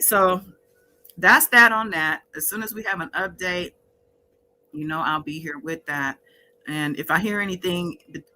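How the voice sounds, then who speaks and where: A woman's voice: deep voice, sharp tone, slight background noise, rough recording. A woman hosting a casual livestream, chatting with viewers in the chat by name. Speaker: livestream host.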